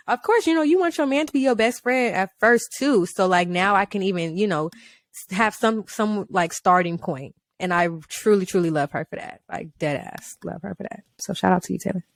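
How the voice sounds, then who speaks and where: A woman's voice: fairly low pitch, fairly quick, no echo. A young adult woman co-hosting a podcast, chatting in an earnest, slangy, affectionate way. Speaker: podcast co-host. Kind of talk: casual chat.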